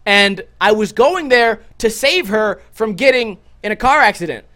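A young man hosting a livestream, telling stories to his chat in a casual, profane, animated way and jumping into loud quoted outbursts. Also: high-pitched, normal speed. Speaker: livestream host.

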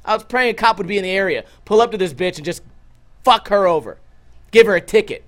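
A young man hosting a livestream, telling stories to his chat in a casual, profane, animated way and jumping into loud quoted outbursts. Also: high voice, quick pace. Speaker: livestream host.

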